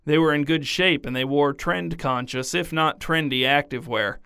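A man narrating a story in a deadpan, scripted reading. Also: a little high, moderate pace, vocal fry, clean tone, no echo, clean studio sound.

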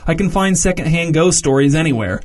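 A man's voice: a little high, lively intonation, a little fast, close to an everyday voice. A man reading the lines of a smug, demanding young male metalhead in a story.

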